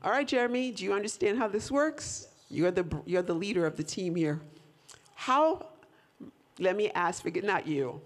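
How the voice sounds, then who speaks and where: A woman's voice: mid-range voice, animated, moderate pace. A woman leading a live audience through a whisper game, coaxing volunteers and laughing often. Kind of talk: lively audience participation.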